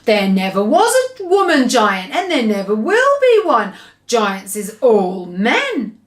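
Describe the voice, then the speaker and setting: A woman's voice: wildly swooping pitch, roomy sound, heavily acted. A woman doing a big, kindly old giant. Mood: emphatic. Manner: booming, mangled grammar, drawn-out slow words. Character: huge, kindly, very old male giant, muddled speech.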